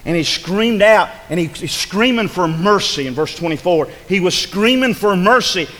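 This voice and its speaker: A man's voice: high-pitched, lively intonation, moderate pace, fairly bright tone, big-room sound, poor audio. A male pastor preaching a sermon, repeating phrases for emphasis and building to urgent peaks. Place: church.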